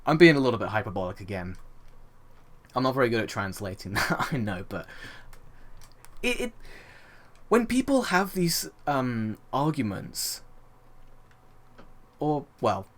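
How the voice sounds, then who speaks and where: A young man commentating over his gameplay in a mid-pitched voice. He rants with indignant rhetorical questions, restarting sentences and swearing as he goes. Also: measured pace, long pauses. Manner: indignant rhetorical ranting, animated; frequent fillers and restarts, swears. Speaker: let's play host.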